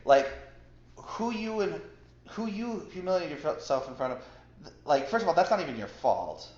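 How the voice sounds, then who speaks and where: A man co-hosting a podcast, telling a long story in casual chat, halting and full of restarts. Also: a little high, big pitch swings, a little mellow. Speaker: podcast co-host. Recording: roomy, dull lo-fi sound with faint hiss.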